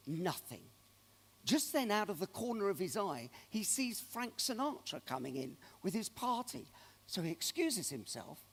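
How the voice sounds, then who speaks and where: A man giving a keynote speech, telling anecdotes to an audience in a large conference hall. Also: high-pitched. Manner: animated anecdotal storyteller. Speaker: keynote speaker. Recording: long reverb of a large hall.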